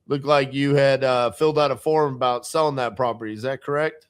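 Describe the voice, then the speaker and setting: A man's voice: mid-range voice, steady tone, fairly quick, smooth. Direct, confident man on a sales call. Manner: direct, brief questions and confident assurances. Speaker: real estate investor calling a seller. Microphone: phone call.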